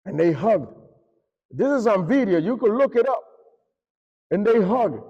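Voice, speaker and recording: A man preaching a sermon, telling a story in an animated way, rising and falling in pitch and force. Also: a little slow, muffled recording. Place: church hall. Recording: reverberant church hall.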